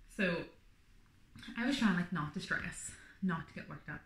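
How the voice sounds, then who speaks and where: A woman's voice: fairly low pitch, a little slow, long pauses, echoey room. A woman vlogger telling her birth story in a chatty, rambling way, full of fillers. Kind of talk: casual birth story vlog.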